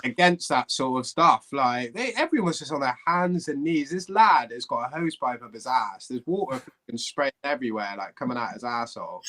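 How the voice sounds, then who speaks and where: A former footballer, a man, telling a lively anecdote as a guest on a live podcast, laughing often. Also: mid-range voice, a little fast, hardly any pauses, poor audio. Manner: animated, laughing storyteller. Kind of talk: storytelling.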